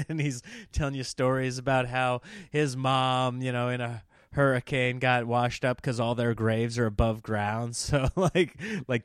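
A middle-aged man hosting his comedy podcast, rambling through road-trip stories in a loose, chatty way. He keeps breaking into loud, squeaky voices for the people he quotes. His voice sits at an ordinary pitch, and the sound is close and dry with no room around it. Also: dry recording. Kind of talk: casual storytelling monologue.

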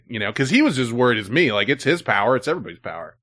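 A man, a live streamer telling a story to his chat in a casual, profane, animated way, full of "like" and "you know". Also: mid-range voice, very fast.

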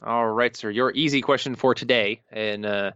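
Chill podcast guy, smooth voice, kinda dull lo-fi mic, dry. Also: mid-range voice, steady tone, moderate pace, a bit bright, no room sound. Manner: easygoing, hesitant when recalling answers. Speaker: podcast co-host. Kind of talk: casual chat.

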